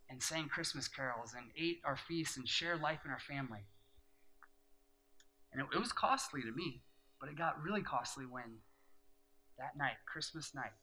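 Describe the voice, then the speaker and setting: A middle-aged man, a pastor, telling a personal story in a sermon, earnest and hushed in the story and emphatic when he preaches. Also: medium pitch, moderate pace, pauses often, a little hiss or hum, poor audio.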